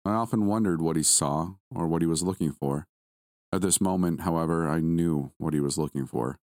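A man with a very deep, low voice tells a first-person horror story. He reads at a calm, measured pace, close on a dry, dead mic. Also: no echo. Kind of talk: first-person scripted narration.

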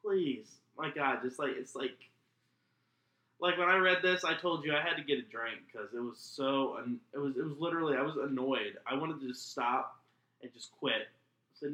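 Co-host, male: sarcastic and fed up, bright tone, roomy echo. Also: medium pitch, normal speed, lo-fi sound. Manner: sarcastic, exasperated ranting. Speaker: podcast co-host. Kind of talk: casual chat.

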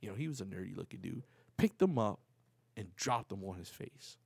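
Gravelly New man telling stories. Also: deep voice, brisk, no echo. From New York City. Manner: animated, profane street slang, acts out quoted dialogue. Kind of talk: casual storytelling.

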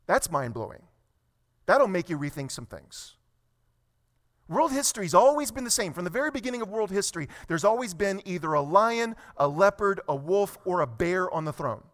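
Pastor, male, higher register, sermon delivery: slow scripture reading, emphatic teaching. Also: sing-song. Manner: reads scripture slowly, then preaches with rising emphasis.

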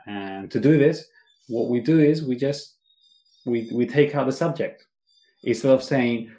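A man's voice: mid-range voice, warm tone. Bilingual man explaining English grammar. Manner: explains slowly, switching between Spanish and English. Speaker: English teacher. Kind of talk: bilingual podcast lesson.

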